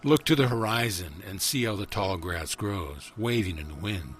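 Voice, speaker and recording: Man, very low voice, spiritual teacher guiding a meditation; slow and measured with soft repeated questions, faint music underneath. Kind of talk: guided meditation.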